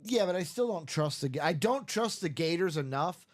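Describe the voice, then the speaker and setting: A man's voice: a little high, lively intonation, moderate pace. A man hosting a live card-break stream in a casual, joking chat about games and bets.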